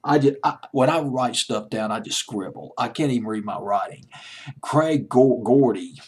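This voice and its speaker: A man's voice: medium pitch, normal speed, a little mellow, slightly rough. A man hosting a countdown of old playlist songs, chatting in a rambling way and correcting himself as he goes. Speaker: music countdown host. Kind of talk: casual spoken countdown commentary.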